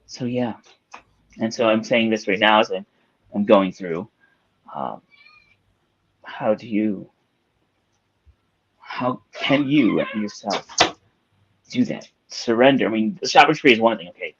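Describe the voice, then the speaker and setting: A man's voice: on the low side, unhurried, pauses often, husky, highs cut off. A man co-hosting a spiritual live-stream discussion, reflective and storytelling, speaking in long winding sentences. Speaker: co-host.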